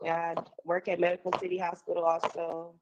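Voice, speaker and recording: A woman's voice: fairly low pitch, completely flat delivery, a little fast, lo-fi sound, background noise. A young woman on a video call, shy and hesitant, laughing nervously as she talks about herself. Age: young adult. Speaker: former student, guest.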